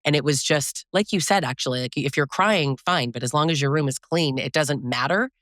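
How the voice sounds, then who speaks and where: Thoughtful therapist guest, mid-pitched voice. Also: brisk, a bit bright, dry recording, studio quality. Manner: thoughtful, frank, searching for words. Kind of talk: reflective conversational talk.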